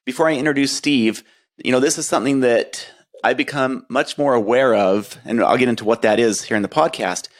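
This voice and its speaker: Guy hosting a podcast, earnest and upbeat, middle of the road voice. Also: mid-range voice. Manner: earnest, enthusiastic, praising. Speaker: podcast host. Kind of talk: podcast interview intro.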